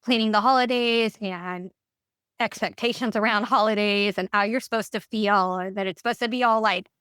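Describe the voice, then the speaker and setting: Woman, podcast guest, candid and expressive, dry close sound, mid pitch. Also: normal speed, smooth, no echo. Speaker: guest, breathwork guide. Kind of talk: podcast interview.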